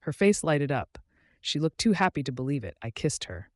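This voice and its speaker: Brief: male audiobook narrator, measured and lively, close dry studio mic. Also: fairly high pitch, no echo.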